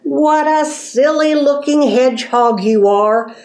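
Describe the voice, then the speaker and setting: A woman reading aloud, voicing a male barn cat who mocks in a drawn-out storybook way. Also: high voice, a little mellow, roomy sound, voice pushed up, rough recording. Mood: teasing. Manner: mocking, drawn-out storybook delivery.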